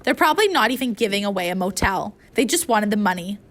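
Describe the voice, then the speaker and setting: A woman voicing an angry grown man who yells and bellows in indignation, read in an audiobook. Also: mid-range voice, animated, fast talker, background noise, close to an everyday voice. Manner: yelling, indignant. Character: angry grown man, a loud motel worker.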